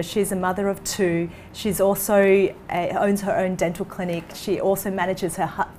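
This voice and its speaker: An enthusiastic woman coach pitching her course, her voice at a middle pitch. She tells a client's story with energy, and a faint hiss sits under the recording. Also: a little mellow. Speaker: coach for dentists. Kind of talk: course pitch in an online interview.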